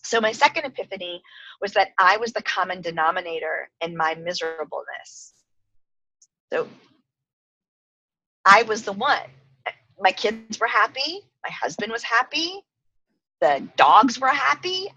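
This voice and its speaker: A middle-aged woman talks as a podcast guest, bubbly and quick to giggle. Her voice is bright and forward. The sound is dry and close, with no room around it. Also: mid-range voice, animated, no room sound, muffled recording. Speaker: podcast guest, life coach. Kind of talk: casual interview chat.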